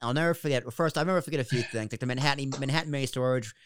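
A man hosting a podcast, bantering casually with his guest, lively and freely swearing. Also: mid-range voice, racing, slight background noise. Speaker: podcast host. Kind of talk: casual chat.

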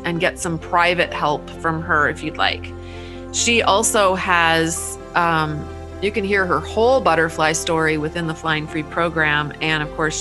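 A woman hosting a podcast, closing out an episode in an upbeat, chatty way and carefully spelling out web addresses. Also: on the low side. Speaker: podcast host. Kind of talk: casual podcast wrap-up.

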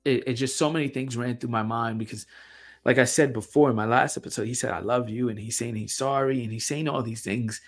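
A young man hosting his own show, talking through personal reflections in a halting way with lots of fillers and repeated words. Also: mid-range voice, fairly even intonation. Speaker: podcast host. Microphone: camera mic.

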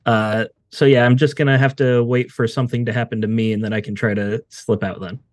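A man's voice: medium pitch, fairly even intonation, fairly quick, no room sound, clean studio sound. A man playing a tabletop game, joking wryly with hesitant fillers. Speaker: player. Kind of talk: casual tabletop play.

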